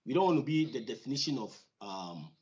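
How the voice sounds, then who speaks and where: Ghanaian male educator, mid-pitched, chatty and repetitive teaching delivery, muffled lo-fi sound. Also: sing-song, brisk, background noise. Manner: conversational, repeats words for emphasis, many fillers. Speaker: financial educator. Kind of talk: teaching talk on personal finance. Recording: slightly dull lo-fi recording.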